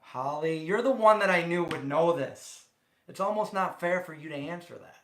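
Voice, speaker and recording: A man's voice: on the high side, normal speed, a bit bright, reverberant, slight background noise. A man hosting a casual livestream from his home kitchen, rambling and chatting directly with viewers. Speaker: livestream host. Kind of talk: casual chat.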